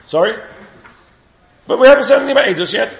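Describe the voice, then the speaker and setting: A very high, expressive male voice moves at a quick pace as he leads a Torah class. He quizzes students and chants the Hebrew passages he cites in this lively Talmud lesson, captured in a roomy, dull lo-fi recording with faint hiss.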